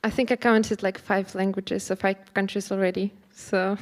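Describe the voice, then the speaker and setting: A woman's voice: mid-range voice, little pitch movement, moderate pace. Woman, panel moderator, informal, peppered with likes, mid-range voice. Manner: casual, laughs often, many likes.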